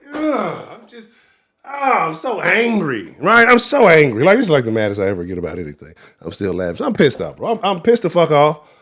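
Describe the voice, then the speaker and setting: High-voiced man ranting profanely. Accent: Houston. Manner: angry, profane, animated ranting. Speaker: sports talk show host. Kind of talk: livestream sports rant.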